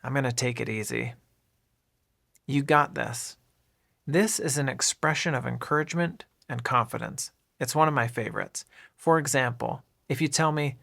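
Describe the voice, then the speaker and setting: A man giving a scripted English lesson, explaining everyday phrases one at a time with example dialogues in a clear, deliberate way. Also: medium pitch, fairly bright tone. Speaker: English teacher. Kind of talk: slow scripted language lesson.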